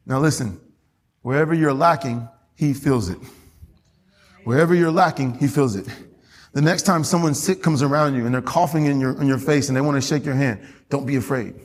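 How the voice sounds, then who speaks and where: A male pastor preaching a lively sermon in church, calling out to the congregation and repeating key phrases. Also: mid-range voice, fairly quick, in a large hall. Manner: animated, call-and-response with congregation, repeats phrases, laughs often. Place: church sanctuary.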